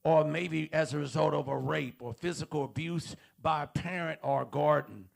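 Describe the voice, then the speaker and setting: A man preaches a sermon in a church auditorium, asking the congregation questions again and again. His voice is rough and gravelly with a husky edge. He speaks a little higher than most men. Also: moderate pace. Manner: call-and-response preaching, repeats questions to the congregation. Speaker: pastor.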